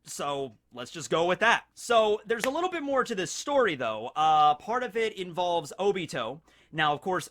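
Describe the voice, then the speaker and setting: A man hosting a casual anime discussion, excitable and rambling with many fillers. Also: fairly high pitch. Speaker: anime channel host.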